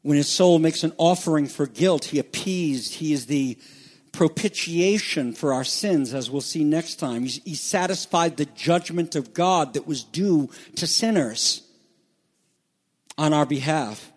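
A man preaching a sermon with a somewhat high voice, swinging from loud, ringing declarations to near-whispered lines. A long hall reverb trails every phrase. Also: measured pace. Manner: dramatic, swings from loud to hushed. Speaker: pastor.

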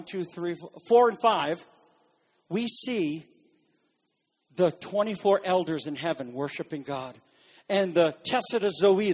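Man preaching, high voice, fast animated teaching. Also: slightly rough. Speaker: Bible teacher. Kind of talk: sermon teaching.

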